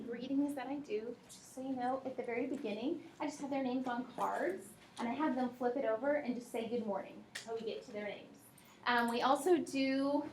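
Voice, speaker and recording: A woman teacher giving a workshop presentation to other teachers, talking in a relaxed, practical way and speaking straight to her audience. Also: fairly high pitch, a little fast, a little hiss or hum. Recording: echoey room, mic from a distance.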